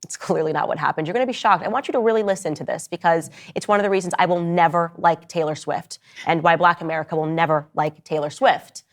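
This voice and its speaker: A woman with a lowish voice hosts a podcast and argues her point hard. She walks listeners through events in opinionated commentary and talks straight to them. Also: fast, few pauses. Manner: argumentative, addresses listeners directly. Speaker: podcast host.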